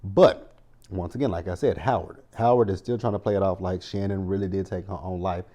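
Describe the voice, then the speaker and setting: A man's voice: low voice, fairly even intonation, a little fast, mellow. A man giving a chatty, rambling recap of a TV episode, full of asides. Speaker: TV show recap vlogger. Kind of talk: casual recap commentary.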